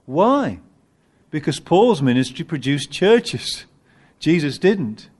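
A man preaching a sermon, animated and emphatic at times, with halting restarts as he searches for words. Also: fairly high pitch, husky. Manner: animated, rising to emphatic peaks.

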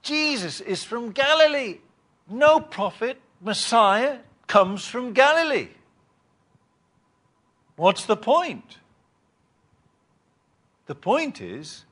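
A man preaching a Bible teaching sermon, reading scripture and explaining it with emphatic rises and pauses. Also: sits high, a bit bright. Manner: reads scripture aloud and repeats words.

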